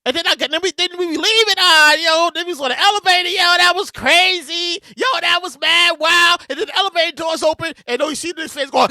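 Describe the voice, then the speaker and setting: A man hosting his podcast, telling stories in a loud, animated casual monologue. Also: extremely high pitch, fairly quick, few pauses, no room sound, clean studio sound. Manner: animated, loud storytelling with bursts of shouting. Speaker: podcast host. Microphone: podcast mic with a soundboard.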